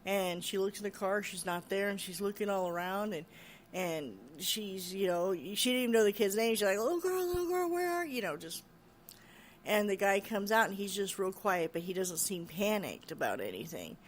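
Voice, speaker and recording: A podcast host retelling a spooky story in loose, chatty fashion, leaning on fillers and acting out the people in it. The voice sits at a middling pitch. Faint noise hums behind it. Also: normal speed. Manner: chatty storytelling, frequent "she's like" and "you know"; animated when quoting others, raising voice. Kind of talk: casual retelling of a ghost story.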